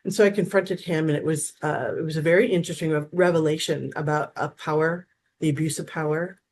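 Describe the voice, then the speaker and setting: Lady therapist in her 50s, kinda low voice, animated storytelling, faint hiss behind. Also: brisk. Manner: animated, acts out quoted dialogue, frequent restarts. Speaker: therapist, guest. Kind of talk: casual storytelling interview.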